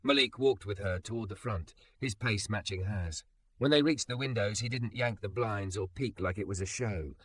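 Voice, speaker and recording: A man narrating a scripted romance story in a dramatic, measured way. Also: on the low side, a bit bright.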